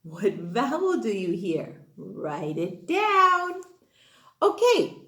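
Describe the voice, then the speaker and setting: A woman teaching a phonics lesson to young children in an animated, sing-song teacher voice, drawing out her words. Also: medium pitch, very slow. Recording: echoey room.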